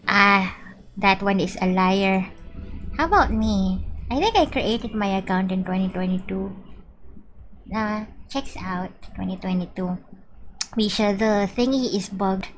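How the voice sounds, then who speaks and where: A woman's voice: mid-range voice, a little hiss or hum. A woman chatting bubbly and casually with viewers while playing a game on stream. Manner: chatty and bubbly, reading out chat.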